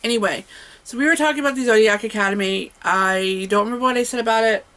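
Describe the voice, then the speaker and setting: A woman's voice: fairly high pitch, fast talker, fairly bright tone, poor audio. A woman talking casually and eagerly about her reading list in a home vlog, with frequent fillers and self-corrections. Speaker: booktuber.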